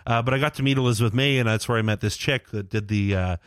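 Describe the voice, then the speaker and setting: A young man with a mid-range voice speaks fast as a podcast co-host, rambling through casual stories laced with profanity and fillers such as "like" and "uh." The recording is dry with clean studio sound.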